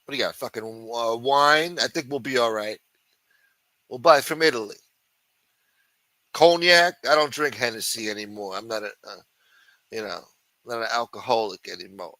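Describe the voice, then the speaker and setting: Loud profane man ranting on a livestream. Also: fairly low pitch, fairly quick, dry recording. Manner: loud, taunting, swings between shouting and muttering; rambling, swears constantly, answers chat aloud. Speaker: livestream host. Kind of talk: profane live chat rant.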